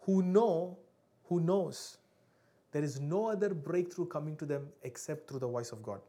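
A man, preaching a sermon to a congregation, swinging between loud emphatic peaks and quiet drops and often asking his listeners to respond. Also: on the high side, moderate pace. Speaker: pastor.

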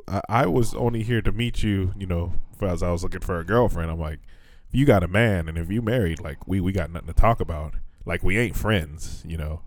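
A man's voice: sits low, a little mellow, no room sound. A man in his thirties co-hosting a casual podcast, swearing freely and acting out what people said. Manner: profane storyteller, acts out quoted voices. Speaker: podcast co-host. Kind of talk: casual chat. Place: lives in Fukuoka, Japan.

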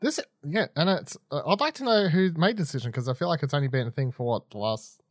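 A man's voice: on the high side, expressive, fast talker, no room sound, studio quality. A man hosting a casual podcast, talking in a chatty, loose way that drifts into side notes. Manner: chatty, loose, prone to tangents. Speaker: podcast host.

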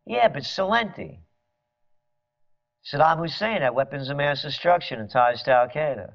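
A man's voice: fairly high pitch, animated, moderate pace, gravelly. A man delivering a fiery, sarcastic political rant, mocking officials. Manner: fiery, sarcastic, mocks officials in mimicking voices. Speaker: commentator. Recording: dull lo-fi recording.

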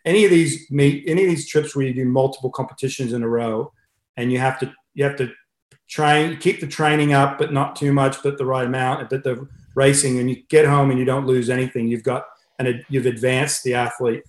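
A man's voice: medium pitch, fairly even intonation, fairly quick, roomy sound. A middle-aged Australian man, a swimming coach being interviewed, who chats casually and tells stories with many fillers and restarts. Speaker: head swimming coach, guest.

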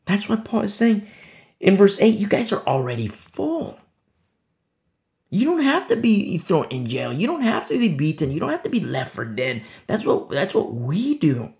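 Gravelly male preacher, emphatic. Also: high-pitched, huge pitch swings, moderate pace. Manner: emphatic, rhetorical questions; swings between loud and hushed. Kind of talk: sermon.

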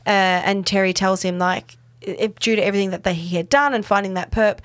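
A woman's voice: mid-range voice, fairly quick, no echo. A woman co-hosting a podcast, recapping episodes in a chatty, casual way with lots of fillers. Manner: chatty, many fillers, acts out quotes. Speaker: podcast co-host.

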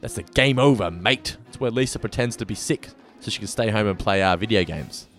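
A man's voice: on the low side, a little fast, fairly bright tone, faint music behind. A man co-hosting a podcast in casual chat, rambling with frequent restarts. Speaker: podcast co-host.

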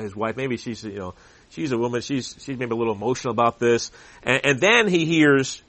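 A man preaching a sermon and reading scripture aloud, earnest and growing louder when he makes a point. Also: big pitch swings, a little fast, dry recording. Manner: earnest, rises in pitch and volume when emphatic. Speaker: pastor.

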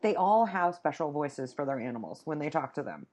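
A woman's voice: low-pitched, sing-song, a little fast, a little mellow. A woman hosting a podcast in a playful, chatty way, often laughing as she talks. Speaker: podcast host. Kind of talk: casual chat.

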